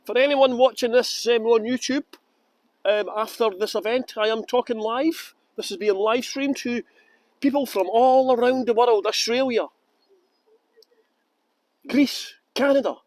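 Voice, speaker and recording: A man's voice: extremely high pitch, unhurried, darkish tone, dry recording, low-quality recording. A man giving a live-streamed outdoor walking tour, chatty and jokey. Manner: chatty, jokey, breaks into song and silly voices. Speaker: tour guide. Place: outdoors by a river in the rain.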